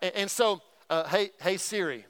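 A male pastor preaching with a high-pitched voice and constant calls to the crowd. His tone stays clear and resonant while he spins homey, joking anecdotes. The delivery is lively sermon talk. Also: normal speed. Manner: energetic, call-and-response with the congregation; folksy storytelling with humor.

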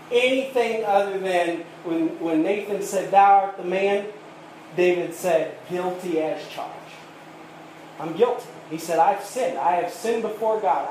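High-voiced preacher in an echoey room. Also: male voice, a little mellow. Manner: retells scripture in plain storytelling, reads old verses aloud. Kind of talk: sermon. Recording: echoey room with faint ambient noise.

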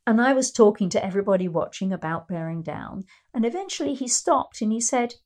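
A woman's voice: mid-range voice, lively intonation, a little fast, few pauses, a little mellow. A middle-aged woman and riding teacher giving an instructional talk, explaining ideas through anecdotes. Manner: explanatory, storytelling, acts out quoted voices.

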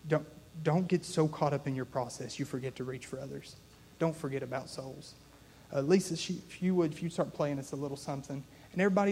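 A man's voice: fairly high pitch, a little fast, darkish tone, faint music behind. A young man preaching a sermon, telling a personal story in an earnest, conversational way and building to a call to his listeners.

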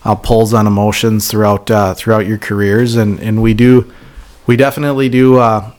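A man's voice: fairly low pitch, flat delivery, normal speed, darkish tone. A man hosting a podcast in casual chat, earnest and encouraging, thanking his listeners. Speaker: podcast host.

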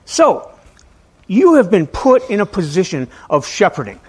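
A man's voice: high voice, wildly swooping pitch, a little slow, breathy edge. A male pastor giving a casual, conversational sermon to a small church, often stumbling on and repeating his words. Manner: conversational, self-deprecating, repeats words when starting sentences.

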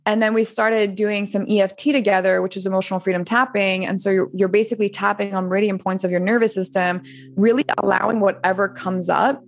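A French woman in her thirties, guesting on a podcast, tells her story in a candid, chatty way, peppering it with "like" and swearing freely. Her voice is medium-pitched, steady, fairly quick and creaky. It's casual interview storytelling.

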